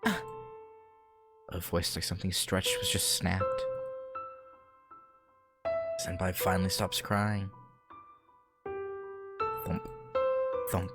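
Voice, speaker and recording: A man reading a visual novel aloud, earnest and slow, breaking off for joking asides. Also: sits low, level tone. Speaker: let's play host. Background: loud piano music.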